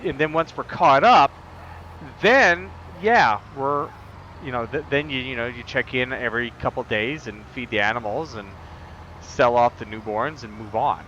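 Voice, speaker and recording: A male game streamer chats casually over gameplay, rambling and joking with plenty of fillers. His voice is bright and forceful, and a faint noise sits in the background. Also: mid-range voice, moderate pace, highs cut off. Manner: rambling, jokey, with frequent fillers.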